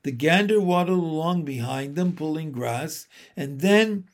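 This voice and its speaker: Man, children's book narrator, gentle storytelling, gravelly, very slow. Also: on the high side, animated.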